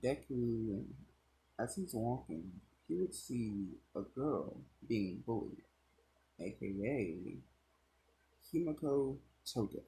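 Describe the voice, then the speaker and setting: A man's voice: medium pitch, animated, takes it slowly, warm tone, a little hiss or hum, rough recording. A young man casually narrating a fan story, with rambling, swearing asides.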